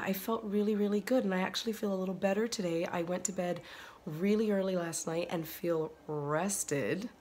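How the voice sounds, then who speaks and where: A woman vlogging casually to her phone by a bright window at home, chatting and gushing over yarn with breathy exclamations. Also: lowish voice. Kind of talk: casual chat to camera. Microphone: phone camera.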